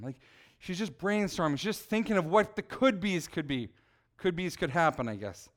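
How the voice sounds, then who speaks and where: Chatty preacher man with a high, smooth voice. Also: expressive, moderate pace, fairly bright tone. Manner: conversational, asks the audience questions, acts out people. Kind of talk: casual sermon.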